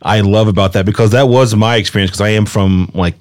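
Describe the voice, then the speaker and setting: Casting: young guy, lowish voice, animated storyteller, laughs a lot, podcast host. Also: brisk. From rural North Carolina. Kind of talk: casual chat.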